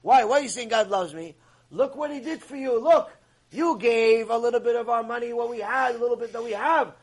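A man acting out a rabbi's wife cheering with joy, with a husky voice. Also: very high voice, brisk. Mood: joyful. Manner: exuberant, repetitive cheering.

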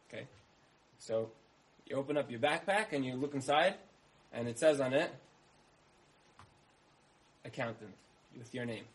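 A man's voice: mid-range voice, rough recording. A man giving a storytelling sermon, repeating key phrases for emphasis and acting out the dialogue of his story. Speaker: speaker giving a talk.

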